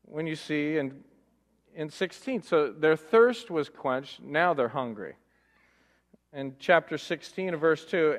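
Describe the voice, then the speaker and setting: Pastor guy preaching, kinda high voice, big hall echo, lots of rhetorical questions and goofy mock-complaining. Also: expressive, takes it slowly. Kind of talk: sermon. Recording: long hall reverb.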